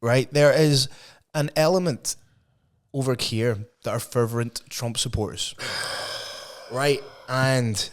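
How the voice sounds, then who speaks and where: A man's voice: mid-range voice, slow pace, long pauses. A man, co-hosting a podcast, swearing constantly and ranting with mock outrage. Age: 30s. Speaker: podcast co-host. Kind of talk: casual podcast banter.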